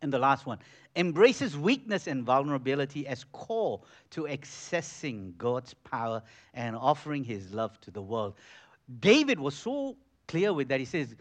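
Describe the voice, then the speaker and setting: A man's voice: medium pitch, big pitch swings, moderate pace. A middle-aged man preaching a sermon as pastor in a church, conversational, with frequent restarts.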